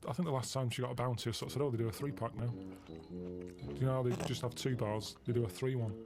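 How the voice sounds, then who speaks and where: A man chatting on a comedy podcast in a deadpan, matter-of-fact way, his sentences often trailing off. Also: mid-range voice, fast talker, over music. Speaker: regular panelist describing his home life. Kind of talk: casual podcast chat.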